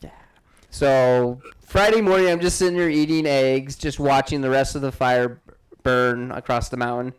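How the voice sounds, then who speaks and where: A man in his thirties chats on a podcast, wandering through a story with plenty of fillers. His voice is smooth and resonant, pitched in an ordinary middle range. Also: steady tone, moderate pace. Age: 30s. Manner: rambling storyteller, many fillers. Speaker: podcast host. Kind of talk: casual chat.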